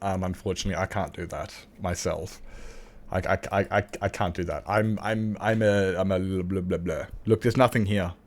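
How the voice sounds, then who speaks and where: A man's voice: low voice, fairly even intonation, normal speed. An Australian man chatting casually and candidly as a livestreamer while gaming, swearing freely and laughing often.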